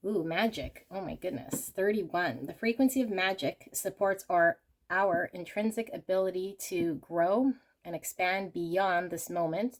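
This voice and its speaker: A woman hosting a pick-a-card tarot reading, talking in a gushing, exclamatory way as she turns the cards. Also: lowish voice. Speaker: tarot reader.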